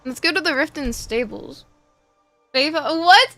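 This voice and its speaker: A young woman's high, sharp voice has lively intonation; she speaks a little slowly and pauses often. Streaming a game, she keeps greeting viewers, her words somewhat muffled by a cough drop, with no room sound and faint music behind.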